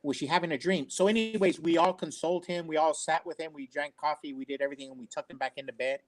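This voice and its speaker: An older man tells family stories in an earnest, rambling manner, circling back and repeating himself as he goes. His voice sits slightly on the high side. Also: fast talker. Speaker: storyteller on a family talk show. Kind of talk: casual personal storytelling.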